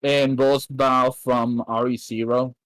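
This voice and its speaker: A man with a mid-pitched voice talks on a casual podcast. He explains points in an informative way. His sound is dry and close. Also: flat delivery, slow pace, a bit bright, no room sound, low-quality recording.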